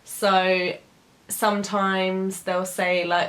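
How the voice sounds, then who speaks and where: A woman's voice: medium pitch, unhurried, a bit bright. A young woman, chatting casually to camera as she patiently explains words. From England. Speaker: YouTuber.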